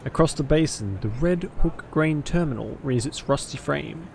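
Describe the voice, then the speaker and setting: A man's voice: on the high side, moderate pace, creaky, a little hiss or hum. A man streaming a story game, reading its narration aloud with dramatic flair and breaking off for cursing asides.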